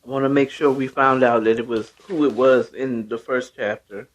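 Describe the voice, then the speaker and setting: A woman hosting a casual story recap, chatty and profane in an unhurried way. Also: very deep voice, steady tone. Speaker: host.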